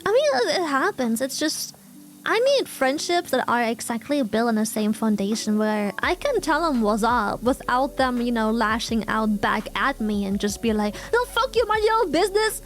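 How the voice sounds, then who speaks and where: Brief: high-pitched woman streamer, blunt and playful, swears casually. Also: expressive, moderate pace, slight background noise. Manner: blunt, swears freely, laughs often. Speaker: streamer host. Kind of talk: casual chat.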